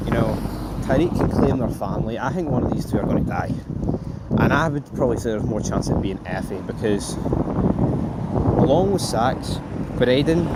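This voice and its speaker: A man rambles through an offhand TV episode review, his voice pitched a little low. Loud background noise runs under the whole recording. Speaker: TV series reviewer.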